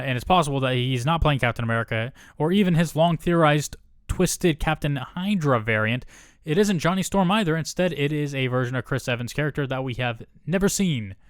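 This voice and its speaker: A man hosting a casual news rundown, full of sarcastic, swearing asides. His voice is smooth and clear, at a middle pitch. The sound is dry and close, with no room echo. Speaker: host.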